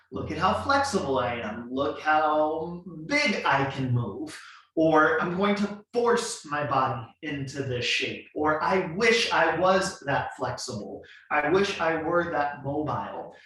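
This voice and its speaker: Guy teaching a fitness class, kinda high voice, super echoey room, a bit far from the mic. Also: fairly bright tone. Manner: conversational, many fillers, coaching cues. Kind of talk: online movement class instruction.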